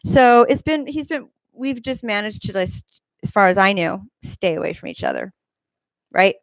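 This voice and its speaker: A woman's voice: expressive, moderate pace, creaky, no room sound, rough recording. A woman hosting her own show, telling a long story in a casual, rambling way, with lots of fillers and restarts. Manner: mimics people in high squeals. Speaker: host. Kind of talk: casual monologue.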